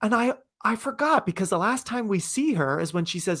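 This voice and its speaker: A man's voice: high voice, big pitch swings, fairly quick, fairly bright tone. A man hosting a podcast in casual chat, rambling and thinking aloud with lots of fillers. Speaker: podcast host.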